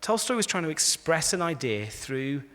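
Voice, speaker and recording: A man, a rabbi, giving a lively lecture to a live audience, telling stories and acting out the quotes with frequent restarts. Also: on the high side, normal speed. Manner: animated storyteller, frequent restarts, acts out quotes. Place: large convention hall. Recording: echoey hall.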